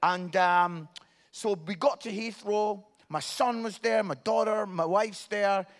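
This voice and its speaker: A middle-aged Scottish man preaching with a notably high voice. He tells his story with comic timing, dropping to a hush and then rising almost to a shout. His delivery stays conversational and animated throughout. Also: takes it slowly. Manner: animated, swinging from hushed to near-shouting. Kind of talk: humorous sermon storytelling.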